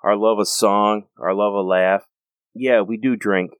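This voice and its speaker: Casual host monologue: an American man, low and earnest, rambling, dry close sound. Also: fairly even intonation, unhurried, clear, resonant tone, no echo. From United States.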